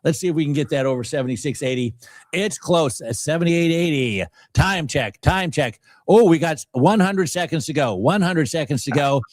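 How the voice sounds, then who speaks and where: A man co-hosting a live trading stream, excitably calling out prices and countdowns. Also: a little high, fairly quick, no echo. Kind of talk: live market commentary.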